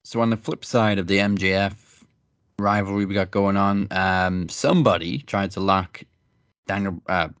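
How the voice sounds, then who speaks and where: A low-voiced man in a casual wrestling chat, easygoing and a little hesitant, filling his pauses with "um". The sound is close and dry. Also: fairly even intonation, a bit bright, no echo. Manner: laid-back, hesitant, lots of "um". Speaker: wrestling podcast co-host.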